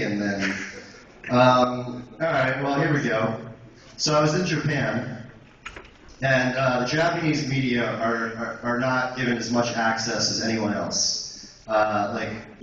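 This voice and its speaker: A man's voice: medium pitch, a bit bright. A young man and guest speaker telling a long rambling story to a college audience, full of fillers and restarts. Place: college auditorium. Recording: echoey hall, distant dull sound, faint noise.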